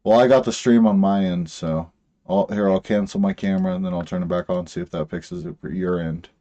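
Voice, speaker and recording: A man co-hosts a casual podcast over a video call. He rambles, jokes and swears freely. His voice is mellow and a little low. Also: steady tone, brisk. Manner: rambling, profane, joking. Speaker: podcast co-host.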